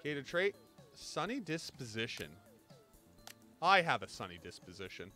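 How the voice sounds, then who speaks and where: Chatty, bright-voiced young man. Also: medium pitch, sing-song, unhurried, faint music behind. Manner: chatty, jokey, rambling anecdotes. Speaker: gaming YouTuber. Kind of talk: casual gameplay commentary and storytelling.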